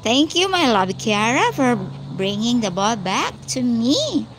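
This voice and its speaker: A woman's voice: on the high side, big pitch swings, unhurried, noisy background. Giggly woman coaxing her dogs. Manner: doting, giggly, coaxing pet talk. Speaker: channel host playing with her dogs. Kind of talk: casual live-stream chat to pets.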